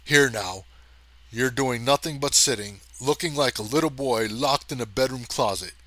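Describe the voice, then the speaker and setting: A man voicing a huge, brawny male space ranger in a storybook reading, gruff and teasing, in a mostly plain voice. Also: medium pitch, normal speed, sharp tone, dry recording, low-quality recording. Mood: bossy. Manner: gruff, teasing, meant as Irish but plain.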